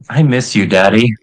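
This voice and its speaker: A man voicing a sassy teenage daughter during a live group reading, teasing and drawn-out. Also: lowish voice, rough recording.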